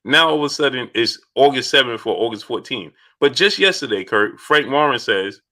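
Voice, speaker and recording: A man's voice: mid-range voice, brisk, hardly any pauses. A man hosting a live boxing talk stream, greeting viewers by name and repeating himself as he goes. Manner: repetitive, animated, shouts out chat viewers.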